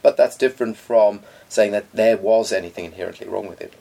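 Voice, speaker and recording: A man's voice: on the low side, a little fast, gravelly, warm tone. A man co-hosting a casual chat, talking in an articulate, pedantic, opinionated way. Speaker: podcast co-host.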